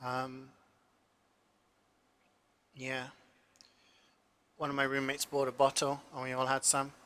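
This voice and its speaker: A man's voice: mid-range voice, completely flat delivery, slow pace, fairly bright tone, clear, resonant tone. A man in his twenties, a cooking streamer, rambling through casual stories with lots of fillers and the odd swear in a home kitchen. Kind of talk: casual chat while cooking.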